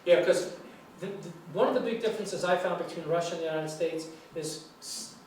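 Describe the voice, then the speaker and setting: A man's voice: on the high side, brisk, darkish tone. Older New York man lecturing in an echoey hall. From New York City. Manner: chatty, rambling, with fillers and restarts. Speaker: guest lecturer. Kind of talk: relaxed lecture Q&A. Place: large lecture room. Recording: echoey room, far mic, faint noise.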